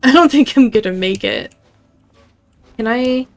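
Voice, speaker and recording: A woman's voice: a little high, measured pace, soft background music. A woman streaming a game, chatting casually and jokingly with her viewers, often laughing. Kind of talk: casual gameplay chat with chat.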